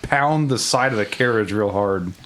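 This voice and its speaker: A man's voice: lowish voice, moderate pace, fairly bright tone. A man playing in a tabletop game who acts out his character's lines with energy. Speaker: player. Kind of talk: casual tabletop game play.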